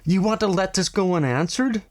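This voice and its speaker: A man reading a novel aloud and voicing a bitter village uncle who speaks softly with contained anger. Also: high-pitched, moderate pace, voice pushed up, close to an everyday voice. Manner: soft-spoken but bitter. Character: angry middle-aged village man, quietly furious uncle.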